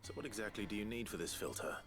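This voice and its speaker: An actor voicing a reserved young male swordsman in a video game, answering tersely and calmly. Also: lowish voice, very fast. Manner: terse and calm. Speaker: game protagonist. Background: game music.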